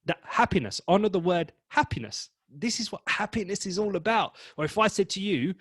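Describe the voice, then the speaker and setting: Expressive man coaching, dry sound. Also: sits high, fairly quick, no echo. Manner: expressive, demonstrates emotions vividly. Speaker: presentation coach. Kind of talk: webinar training talk.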